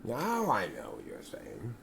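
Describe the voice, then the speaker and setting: Slow-talking man with lively pitch. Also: vocal fry, slight background noise. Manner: slow, meandering talk with self-directed asides. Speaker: channel host. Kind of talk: rambling solo vlog.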